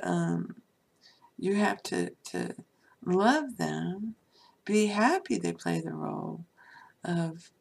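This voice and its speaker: Her voice is on the low side, creaky, a little mellow and slightly rough. She delivers an informal spiritual teaching in a chatty way, leaning heavily on "you know" and "okay?" and now and then whispering to stress a point.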